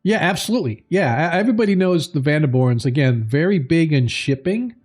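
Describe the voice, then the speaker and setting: A man narrating a tabletop game as game master, slow and halting with many fillers. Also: on the high side, expressive, soft background music.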